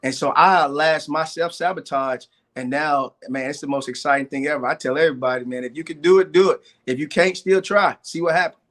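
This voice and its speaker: A man's voice: fairly high pitch, fairly quick, hardly any pauses, a bit bright. A middle-aged man, a guest entrepreneur, telling his life story earnestly in a live interview, repeating phrases and stacking up lists of hardships.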